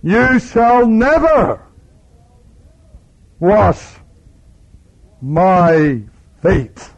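A man preaching acts out an impetuous, indignant apostle who protests in loud, incredulous outbursts. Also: sits high, fairly even intonation, fast talker, breathy edge, pitched above the performer's own voice. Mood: emphatic. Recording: dull lo-fi recording.

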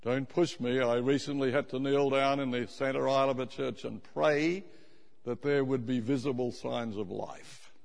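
A man preaching a sermon, stressing key words slowly and teasing his congregation. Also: mid-range voice, steady tone, vocal fry, long reverb tail.

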